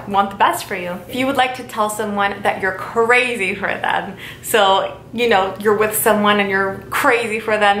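Woman, online language teacher, slow careful repetition of phrases, echoey room, faint rumble behind. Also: fairly bright tone. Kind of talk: casual video lesson.

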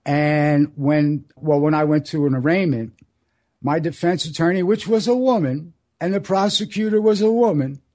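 A man in his sixties hosting a solo radio show, telling stories in a rambling, earnest way and slowing down for emphasis. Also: fairly high pitch, a little mellow. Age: 60s. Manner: rambling, earnest storytelling with dramatic slow emphasis. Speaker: radio host.

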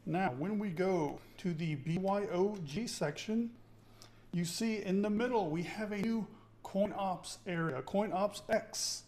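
A man's voice: high voice, a little slow, darkish tone. Chatty man hosting a live tutorial. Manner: chatty, keeps checking in with chat; enthusiastic, thinks aloud. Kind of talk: casual live-streamed tech tutorial.

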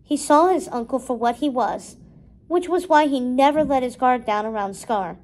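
A woman's voice: high voice, normal speed, rough recording. Woman reading a storybook aloud. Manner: steady, expressive narration. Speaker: storybook reader.

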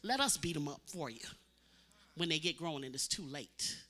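A woman preacher delivering a sermon as dramatic storytelling, swinging from loud cries to hushed, intense tones. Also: deep voice, animated, normal speed.

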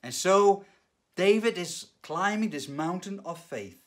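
A male pastor delivering a sermon, earnest and measured, who pauses, restarts now and then and lifts his voice for dramatic quoted cries. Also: high-pitched, animated, fairly bright tone. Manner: dramatic retelling with rising, urgent quoted cries.

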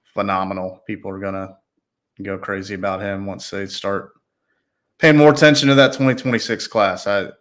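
An easygoing Southern man, guesting as a college sports reporter. His voice is on the low side, and he reports in a relaxed, matter-of-fact way. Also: moderate pace. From Spartanburg County, South Carolina. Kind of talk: casual sports talk.

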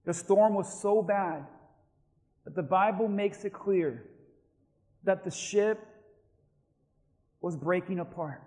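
A man's voice: high voice, slow, long pauses, darkish tone, in a large hall. A male pastor reading scripture aloud and preaching a sermon, leading his congregation in prayer and call-and-response. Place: church.

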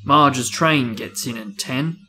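A man reading aloud and voicing a blustering, bullying middle-aged uncle who snarls threats, a little louder and higher than his own voice. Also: slow pace. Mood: gruff.

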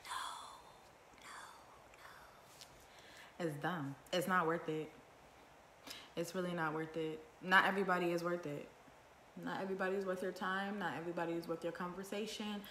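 A woman with a low, forceful voice speaks her mind on a home livestream, blunt and swearing freely. She stacks up rhetorical questions one after another. The room around her adds a roomy echo. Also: steady tone, normal speed, pauses often, slight background noise. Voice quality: naturally loud voice. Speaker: vlogger going live. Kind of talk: casual live-stream monologue. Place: at home indoors.

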